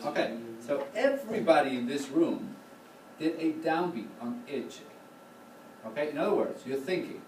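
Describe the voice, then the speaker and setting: A man's voice: a little high, animated, moderate pace, darkish tone. A man teaching a choral conducting class, explaining patiently and singing short phrases to demonstrate. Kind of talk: classroom instruction. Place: rehearsal room with a choir. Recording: echoey, distant, noisy room recording.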